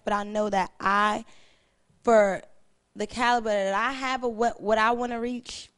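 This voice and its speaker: A woman chatting casually as a guest artist, excited and full of slang. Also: mid-range voice. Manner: excited, slangy, quick shout-outs. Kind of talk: casual chat.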